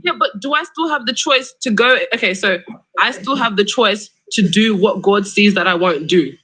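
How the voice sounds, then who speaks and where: A woman's voice: mid-range voice, normal speed, fairly bright tone, slightly rough, poor audio. A young woman hosting a live debate stream, argumentative and exasperated, pressing her question again and again. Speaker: livestream debate host.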